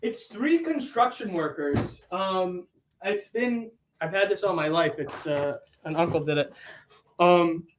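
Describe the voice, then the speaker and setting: A young man from Boston joins a podcast as a guest, speaking earnestly but haltingly, with frequent "uh"s. His voice is a touch higher than most men's. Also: animated, a little hiss or hum. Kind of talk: casual podcast chat.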